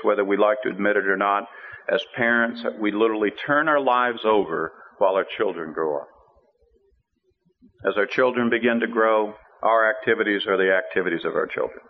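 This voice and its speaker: Middle-aged guy preaching a sermon on the radio, lo-fi phone sound, acts out the voices. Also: lowish voice. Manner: animated storytelling, acts out the spies' voices.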